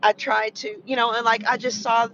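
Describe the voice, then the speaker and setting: A vlogger in an emotional personal chat, talking in a rambling, halting way, full of "you know" and restarts. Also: medium pitch, level tone, bright, forceful tone, slight background noise. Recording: muffled lo-fi recording.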